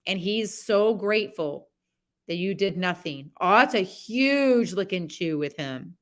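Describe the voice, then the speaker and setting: A woman's voice: mid-range voice, expressive, slow, long pauses. A woman horsemanship coach talking a student through a live session over a video call, rambling, chatty and candid, with some mild swearing.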